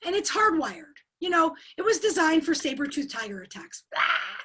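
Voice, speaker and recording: Brief: high-pitched woman coach, lively and quizzing, over a webcam call. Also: normal speed. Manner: energetic, asks the audience questions and repeats key words. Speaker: speaker at an online coaching forum. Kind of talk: interactive webinar teaching.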